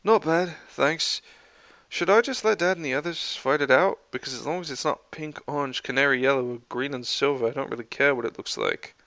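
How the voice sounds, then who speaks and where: A man's voice: on the high side, a little fast, sharp tone, no room sound. A man voicing an easygoing teenage boy wizard with a light, offhand manner.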